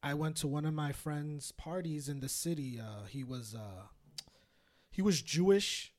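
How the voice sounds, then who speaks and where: A young man co-hosting a casual podcast, telling stories with lively acted quotes. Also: fairly high pitch, unhurried. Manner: animated storyteller, bursts of laughter and acted quotes. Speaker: podcast co-host. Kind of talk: casual chat.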